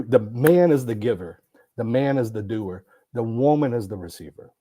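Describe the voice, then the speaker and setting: A man's voice: mid-range voice, lively intonation, normal speed, mellow, breathy edge, no room sound. A man talking on a podcast, emphatic and preachy, driving his points home by repeating words. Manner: emphatic, repetitive, preachy about masculinity. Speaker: podcast guest. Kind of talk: casual podcast conversation.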